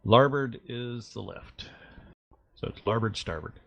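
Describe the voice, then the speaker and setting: A man running a tabletop game as game master, explaining rules and narrating in a halting way with many fillers. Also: mid-range voice, lively intonation, gravelly, fairly bright tone, dry recording.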